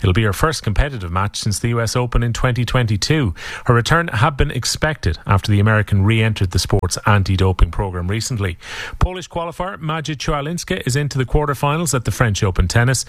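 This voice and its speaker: A man reading the radio sports bulletin in a brisk, steady way into a studio mic. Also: medium pitch, dry recording. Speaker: sports newsreader.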